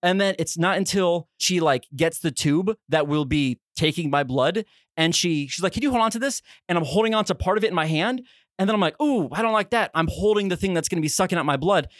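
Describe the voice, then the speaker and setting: Fast-talking high-voiced man telling a story. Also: dry recording, clean studio sound. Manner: animated, acts out quotes with sudden high yelps. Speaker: podcast co-host. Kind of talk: casual storytelling.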